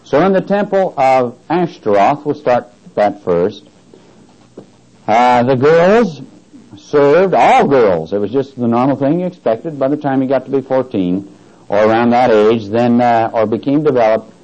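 Questioning preacher on a dull recording. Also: male voice, mid-range voice, animated, a little slow, a little mellow. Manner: asks the congregation questions and waits for answers; reads scripture aloud with rising emphasis. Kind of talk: Bible teaching sermon.

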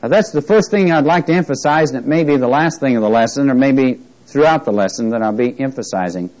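A man teaching an interactive Bible lesson, who reads scripture slowly with emphasis and jokes with his class. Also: medium pitch, darkish tone, low-quality recording.

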